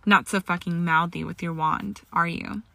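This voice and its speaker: A woman's voice: fairly low pitch, fairly even intonation, normal speed, creaky, bright, forceful tone, no echo. Woman putting on a sneering cruel young wizard. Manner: demanding, mocking.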